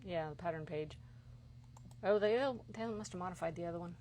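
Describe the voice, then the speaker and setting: A woman's voice: fairly low pitch, darkish tone. A woman co-hosting a yarn shop live stream, chatting casually and agreeing readily with the host. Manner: supportive, quick to agree. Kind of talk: live-stream product chat.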